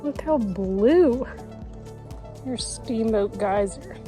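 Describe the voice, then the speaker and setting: A woman's voice: a little high, expressive, drawn-out words, mellow. A young woman narrating a casual travel vlog outdoors, chatty and playful. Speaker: vlogger. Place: outdoors in national parks and campground. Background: music.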